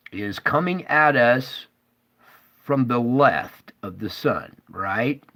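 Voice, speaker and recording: Male streamer, unhurried delivery, urgent and emphatic, constantly checking that viewers follow, bursts of loudness dropping to hushed asides. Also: mid-range voice. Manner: urgent, pointing things out, frequent "okay?" and "all right?" checks to viewers; alarmed and emphatic, swinging between loud bursts and hushed asides. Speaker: online streamer explaining space-weather charts. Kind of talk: live stream commentary over screen charts.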